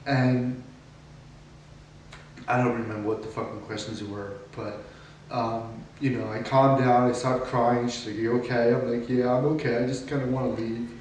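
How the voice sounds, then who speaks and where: A young man, an acting student, tells a personal monologue, at times quiet, at times agitated and swearing. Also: medium pitch, level tone, moderate pace, a little hiss or hum. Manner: emotional storytelling, swings from quiet to agitated. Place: classroom or studio. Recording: distant mic in very echoey room.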